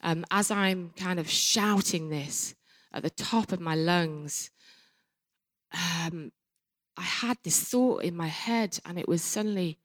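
Woman telling her testimony in church, kinda low voice, earnest, trails off quiet a lot. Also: slow. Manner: earnest and candid, often trailing off softly. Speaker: church speaker sharing testimony. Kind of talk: personal testimony.

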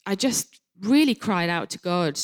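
A woman with a lowish voice shares her personal testimony from the front of a church. She speaks earnestly and candidly, letting her sentences trail away softly before picking up again. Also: lively intonation, a little slow.

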